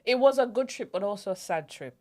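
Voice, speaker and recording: A woman, hosting a podcast and telling personal stories in an animated way, laughing often. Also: medium pitch, brisk. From Jamaica. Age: 40s. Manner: animated storyteller, laughs easily. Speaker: podcast host. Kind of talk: casual storytelling chat.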